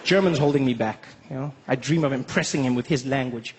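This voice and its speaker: A man from South Africa performing a lively stand-up comedy set, telling stories and slipping into voices. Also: mid-range voice, a little fast, big-room sound, a little hiss or hum. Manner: animated, storytelling, lots of voices.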